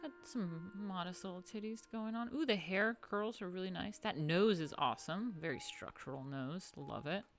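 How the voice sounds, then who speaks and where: Woman rambling thru art history, jokey, cusses a lot, goes quiet to mutter stuff, faint music under her. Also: fairly low pitch, normal speed, hardly any pauses. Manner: playful, swears freely, mutters asides. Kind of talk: casual art history chat.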